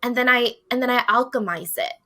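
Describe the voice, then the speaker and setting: A woman with a bright, clear voice speaks as a podcast guest. She tells stories in an animated way and acts out what she felt in quoted asides. She laughs now and then as she talks. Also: fairly high pitch, brisk. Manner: animated storytelling, acts out her own quoted feelings, laughs often. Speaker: podcast guest, tarot deck author. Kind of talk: casual spiritual conversation.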